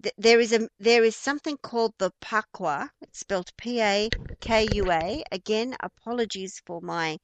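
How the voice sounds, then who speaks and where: A woman's voice: mid-range voice, moderate pace, dry recording. A woman with an Australian accent giving an informal spoken lesson, explaining patiently with frequent ums and restarts. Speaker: feng shui teacher.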